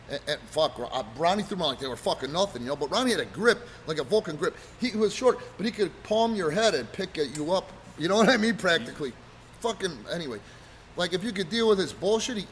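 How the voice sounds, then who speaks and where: A man casually telling rough road stories from his wrestling days, swearing freely and loudly acting out what people said. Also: high voice, a little hiss or hum. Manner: profane, animated, acts out quotes loudly. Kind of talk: casual storytelling chat.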